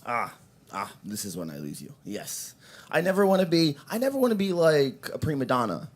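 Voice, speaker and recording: Crude, lively young male comic. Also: mid-range voice, fairly quick, slightly rough. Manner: crude, rambling, jumps into shouted impressions. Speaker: open mic comedian. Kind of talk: stand-up comedy set. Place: coffee shop open mic stage.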